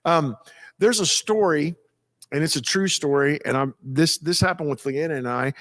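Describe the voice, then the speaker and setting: Male pastor, casual storyteller, rambling and animated, highish voice, dry recording. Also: normal speed, no room sound. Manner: animated, acts out quoted people with a raised voice; folksy, rambling with restarts.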